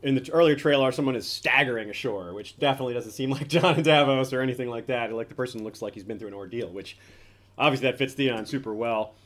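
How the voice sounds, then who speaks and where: A man of middling pitch talking through fan theories in a relaxed, casual way. He thinks aloud, circling back and restarting his sentences as he weighs possibilities. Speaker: podcast co-host.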